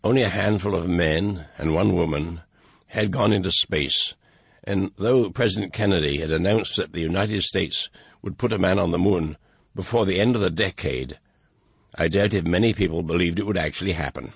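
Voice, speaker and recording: A man, the author, reading a measured introduction to his book with a dry, wry manner. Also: deep voice, vocal fry, slightly rough, no room sound. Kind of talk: recorded introduction, read aloud.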